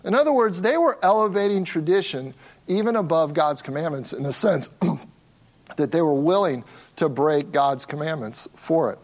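A man with a notably high-pitched voice delivers an expository sermon. He leans hard on key words, slowing down to stress them. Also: animated. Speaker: pastor.

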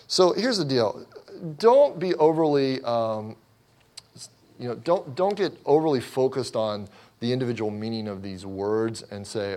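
A man's voice: medium pitch, expressive, unhurried, darkish tone. A middle-aged man preaching a sermon as pastor, in a conversational way with frequent restarts and touches of sarcasm. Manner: conversational, self-correcting, lightly sarcastic.

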